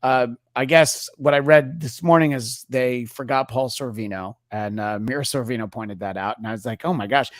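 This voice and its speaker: A man's voice: mid-range voice, steady tone, moderate pace, few pauses, dry recording, clean studio sound. A man co-hosting a podcast in casual chat, rambling with lots of fillers and jokey asides. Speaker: podcast co-host.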